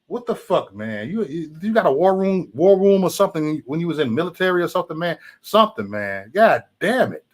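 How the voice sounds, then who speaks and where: Streamer, male, heated and profane, repeats himself, animated pitch; chatting to his audience. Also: brisk, few pauses. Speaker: livestream host. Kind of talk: casual livestream rant to chat.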